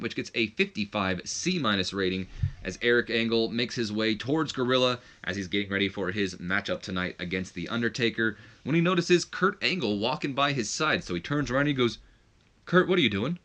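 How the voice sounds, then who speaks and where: A man's voice: mid-range voice, brisk, fairly bright tone. A man casually commenting on a wrestling management game, rambling with chuckling asides. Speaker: gaming video host.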